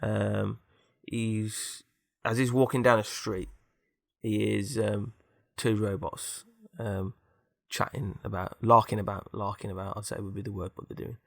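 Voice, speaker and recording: A man's voice: lowish voice, level tone, unhurried, vocal fry, no echo, clean studio sound. A man co-hosting a podcast, rambling through an improvised story in a chatty, meandering way. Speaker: podcast co-host.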